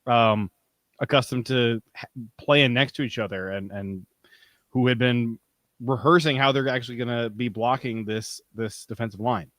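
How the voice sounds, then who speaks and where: A man co-hosting a sports podcast, talking football in a measured, slightly dismissive way. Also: mid-range voice, fairly even intonation, fairly bright tone, dry recording. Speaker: podcast co-host. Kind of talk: casual sports chat.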